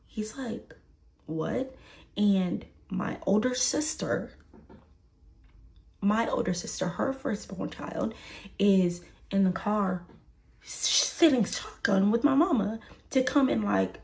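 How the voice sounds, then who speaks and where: A woman's voice: medium pitch, slow pace, gravelly. A young woman from Texas telling a personal story in a casual way, acting out the quoted dialogue. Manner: animated, acts out quoted dialogue.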